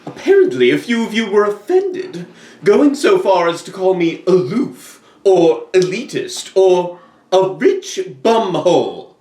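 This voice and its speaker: A man's voice: sits high, big pitch swings, unhurried, darkish tone. A man playing a vain, aloof young prince who speaks in a grand, formal way. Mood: haughty. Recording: echoey room, mic far off.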